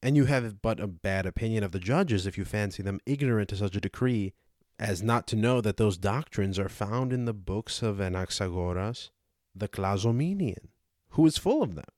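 A man's voice: lowish voice, darkish tone, dry recording, clean studio sound, lightly acted. A man reading the part of an aged male philosopher, cross-examining with rhetorical questions, for a dramatized audiobook.

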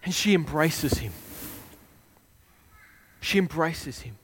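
A man preaching a sermon, retelling a scene with dramatic swings between hushed and loud delivery. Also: a little high, expressive, takes it slowly, slightly rough.

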